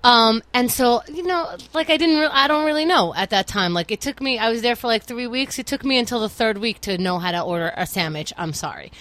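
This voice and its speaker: A woman's voice: a little high, fairly quick, hardly any pauses, fairly bright tone, no echo. A woman co-hosting a casual podcast, telling stories animatedly and acting out exasperated dialogue. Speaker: podcast co-host. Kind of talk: casual chat, animated storytelling.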